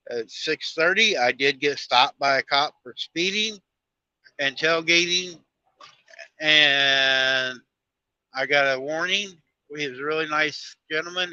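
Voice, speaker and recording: A man talks through a live stream from his truck cab, spinning a rambling, folksy story as he drives. His voice sits a little high, and it sounds bright and tense. The sound is dry and somewhat dull, like a lo-fi phone recording. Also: dry recording. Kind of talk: casual live-stream chat while driving.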